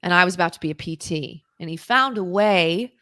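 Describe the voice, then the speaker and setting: A woman, a guest on an interview show, telling an intense personal story in a vivid, dramatic way, at times dropping to a hushed whisper. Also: fairly low pitch, animated, a little fast, dry recording, clean studio sound. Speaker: interview guest, recovery author.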